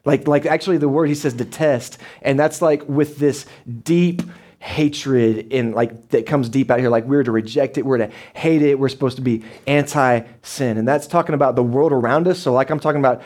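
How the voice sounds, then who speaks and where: A young man preaching to his church. His voice sits at an ordinary middle pitch, and he talks loosely and conversationally, with plenty of fillers, tag questions and lively storytelling. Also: moderate pace. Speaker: pastor. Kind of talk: sermon. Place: church sanctuary.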